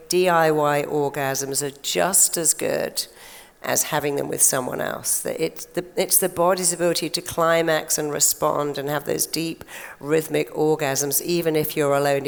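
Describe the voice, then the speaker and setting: A woman's voice: low-pitched, creaky. An older woman giving a chatty stage talk to a live audience, telling stories and acting out quotes. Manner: chatty, storytelling, acts out quotes. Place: large conference hall. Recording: long hall reverb.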